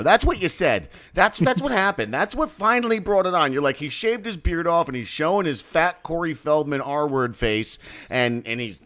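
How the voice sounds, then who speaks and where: A man's voice: fairly high pitch, very animated, moderate pace, a bit bright. A man co-hosting a live stream, bantering and teasing in a loose, jokey way. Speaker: podcast co-host. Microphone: video call.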